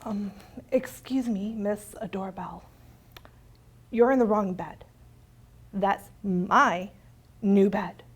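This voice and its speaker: A woman voicing a polite, eager young male pet dog in a storybook read-aloud, her own voice pitched a little lower. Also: slow pace, pauses often, husky. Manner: politely hesitant, then loud and insistent.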